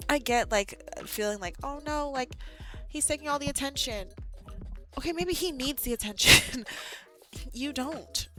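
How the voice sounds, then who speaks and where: Bright-voiced woman ranting animatedly. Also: medium pitch. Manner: animated, exasperated ranting with laughs. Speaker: art teacher and streamer. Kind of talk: casual livestream chat.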